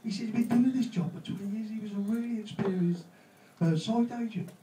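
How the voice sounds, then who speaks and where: A man's voice: high voice, fairly quick, mellow. A man telling crude jokes on stage, swearing and laughing at his own punchlines. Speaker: stand-up comedian. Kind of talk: stand-up joke telling. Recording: roomy, distant, noisy live recording.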